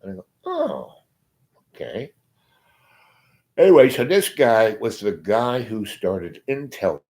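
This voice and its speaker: A man with a fairly low voice telling a long story in casual conversation. He digresses often, trails off and restarts, and keeps the telling loose and chatty. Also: expressive, measured pace, darkish tone, poor audio.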